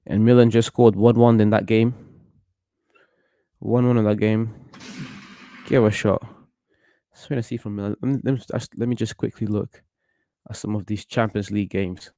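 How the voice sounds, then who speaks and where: A man's voice: on the low side, steady tone, normal speed, pauses often, dark tone, dry recording. A man hosting a football watchalong, chatting casually and giving opinionated commentary on the match. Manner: chatty, opinionated, thinks aloud with restarts.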